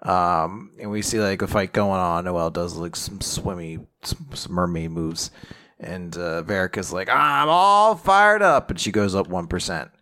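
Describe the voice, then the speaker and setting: A man casually recapping an anime chapter on a podcast, rambling with lots of fillers and quick paraphrases. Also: deep voice, steady tone, a bit bright.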